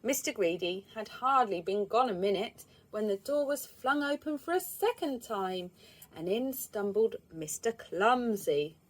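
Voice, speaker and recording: A woman, reading a children's storybook aloud in an expressive, lively way. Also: mid-range voice, a little slow.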